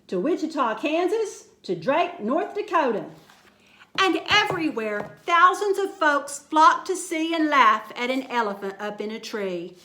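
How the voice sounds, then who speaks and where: Brief: high, lively woman storyteller, slow and bright, reading rhymes in a roomy space. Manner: expressive, sing-song rhyming delivery. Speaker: children's storyteller. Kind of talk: reading a picture book aloud. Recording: roomy echo.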